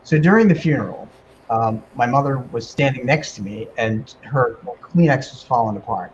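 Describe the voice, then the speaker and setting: A man guest on a talk radio show, telling an emotional personal story in a casual, animated way with many fillers. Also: medium pitch, moderate pace, dull audio, slight background noise. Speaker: guest medium and author.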